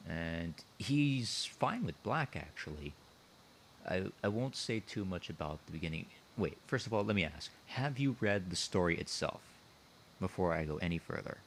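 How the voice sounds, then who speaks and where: A man's voice: sits low, expressive, moderate pace, slight background noise, low-quality recording. A man speaking on an online voice call, explaining his own story in casual chat and thinking aloud as he circles back to his points.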